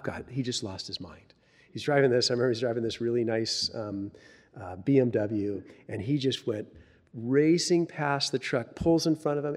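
A male pastor preaching in a loose, chatty way, circling back on his words as he builds a story toward his point. His voice sits at a middle pitch for a man, neither deep nor high. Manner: conversational and animated, many restarts and filler words. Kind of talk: sermon with personal story.

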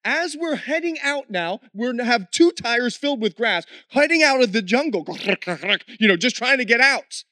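A man, a missionary, tells his story in an animated way with frequent laughs, then slows into an earnest prayer. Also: very high-pitched, no echo, studio quality. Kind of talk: testimony story ending in prayer.

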